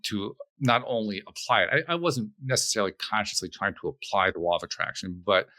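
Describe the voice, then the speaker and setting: Animated middle-aged man, lively pitch. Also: brisk, dry recording. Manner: animated, thinks aloud with many restarts. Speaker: podcast host, guest here. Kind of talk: conversational interview.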